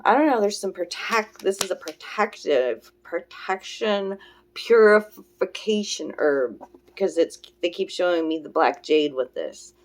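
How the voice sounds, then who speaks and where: A woman's voice: lowish voice, expressive, measured pace. Earnest, meandering woman reading oracle cards. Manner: meandering and earnest, full of "you know" and "okay?". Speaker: oracle card reader. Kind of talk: spiritual oracle reading to camera.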